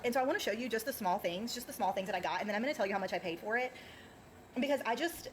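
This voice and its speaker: A woman's voice: fairly high pitch, expressive, very fast, a little hiss or hum. A woman from North Carolina, chatting emotionally in a casual vlog, a bit teary and full of gratitude, with lots of fillers. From United States (North Carolina). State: teary-eyed. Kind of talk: casual vlog about groceries.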